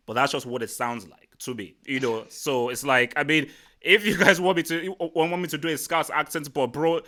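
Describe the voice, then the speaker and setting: A man hosting a casual live football chat, rambling and repeating himself as he talks. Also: mid-range voice. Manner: rambling, repeats words, animated. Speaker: livestream host.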